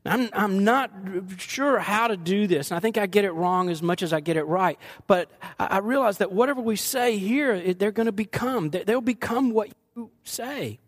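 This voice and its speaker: An older pastor preaching to his congregation with a fairly high, light voice. He mixes earnest teaching with playful, joking asides to the people in front of him. The delivery is animated and conversational. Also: moderate pace. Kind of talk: sermon.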